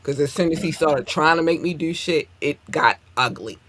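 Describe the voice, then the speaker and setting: A woman hosting her own podcast, talking casually in an animated, blunt and profane way with plenty of fillers. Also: sits low, normal speed, dry recording. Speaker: podcast host. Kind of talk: casual solo podcast talk.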